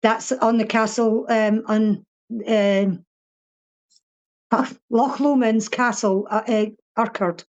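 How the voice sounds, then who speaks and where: A woman's voice: fairly high pitch, steady tone, slow pace, lo-fi sound. An older woman with a Fife Scottish accent, a guest chatting bluntly in an interview, swearing freely and laughing often. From Scotland (Fife). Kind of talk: casual interview chat.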